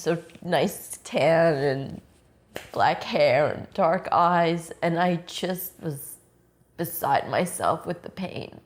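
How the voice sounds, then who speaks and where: A middle-aged woman in an interview, telling a painful personal story in a raw, blunt way, swearing often and speaking with intensity. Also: on the low side.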